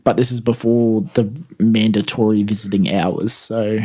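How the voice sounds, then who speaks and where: Low-voiced wry co-host. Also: male voice, fairly even intonation, moderate pace, warm tone. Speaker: podcast co-host. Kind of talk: casual chat.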